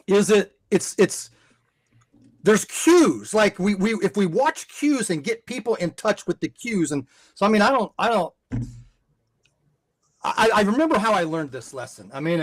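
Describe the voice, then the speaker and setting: Older guy on a church podcast, kinda high voice, earnest, keeps restarting words, dry close sound. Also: no echo. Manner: repeats words as he restarts, heartfelt.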